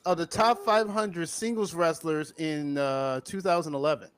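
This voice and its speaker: A man's voice: on the high side, moderate pace, a crowd in the background. A man hosting a wrestling podcast, reeling off championship records with joking asides. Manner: reels off stats, lively and joking. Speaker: podcast host. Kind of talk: casual wrestling debate.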